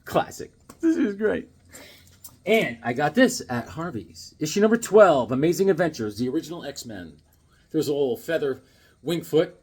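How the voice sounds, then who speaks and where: A man shows off his comic collection in a loose, jokey vlog, breaking into excited exclamations. His voice is husky and sits somewhat high. It leaps up and down with lively swings in pitch. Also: moderate pace. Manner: animated, jokey, bursts of exclamations. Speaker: comic book vlogger. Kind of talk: casual show-and-tell vlog.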